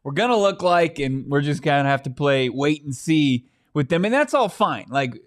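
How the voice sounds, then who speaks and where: A man co-hosting a casual sports podcast, animated and playfully exasperated, speaking from a studio. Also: a little high, moderate pace. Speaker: podcast co-host.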